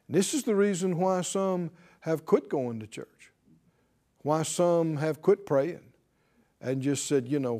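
A middle-aged man preaching with a high, lively voice that swings up and down as he drives his points home. His tone is mellow rather than bright. He repeats key words for emphasis and acts out the pleading prayers of others. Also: takes it slowly. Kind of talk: sermon.

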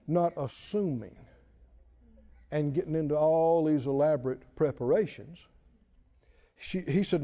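A man's voice: fairly high pitch, measured pace, warm tone, highs cut off. A man preaching a sermon, drawing call-and-response replies from his congregation. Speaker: pastor.

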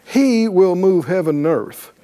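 A man preaches with a high, swooping voice. He takes his time and his tone stays warm and mellow. He often checks in with his listeners and acts out the words of believers. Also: unhurried. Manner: animated, calls for responses with "right?". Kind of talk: sermon.

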